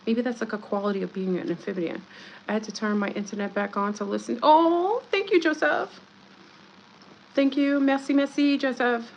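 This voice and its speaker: A woman's voice: on the high side, lo-fi sound, a little hiss or hum. A woman hosting a casual livestream, rambling in a conspiratorial, joking way and greeting viewers by name. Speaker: livestream host.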